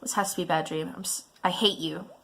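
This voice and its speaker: A woman's voice: fairly low pitch, fairly even intonation, fast talker, gravelly, fairly bright tone. A woman voicing a defiant, sarcastic teenage son in a browser game, exasperated with his parents.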